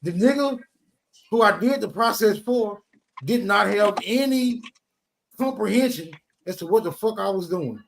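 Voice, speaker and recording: A man's voice: sits high, animated, unhurried, creaky, a little hiss or hum. A man in a casual chat talking bluntly, with heavy slang and swearing.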